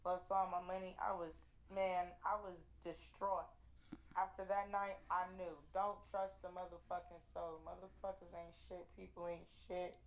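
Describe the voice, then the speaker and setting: A woman's voice: lowish voice, little pitch movement, normal speed, slight background noise. Blunt, profane young woman telling a story. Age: 20s. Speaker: interview guest, dancer. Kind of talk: casual storytelling in an interview.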